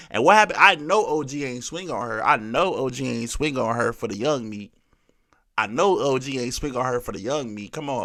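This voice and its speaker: Gravelly, animated reaction host. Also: male voice, medium pitch, no echo, studio quality. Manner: animated, laughing, repeats himself. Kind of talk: casual reaction commentary. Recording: noisy home setup.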